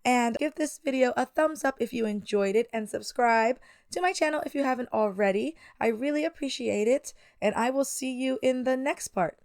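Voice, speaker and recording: A woman's voice: fairly high pitch, moderate pace, few pauses, a little mellow, no room sound, studio quality. A woman hosting a let's play, chatting through a life-sim game with frequent fillers. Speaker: gaming channel host.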